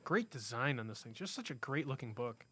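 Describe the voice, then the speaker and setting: A man's voice: medium pitch, very animated, a little fast, fairly bright tone, slightly rough. A man co-hosting a casual podcast in a comic shop, rambling and correcting himself as he talks about comics. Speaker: podcast co-host. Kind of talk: casual chat.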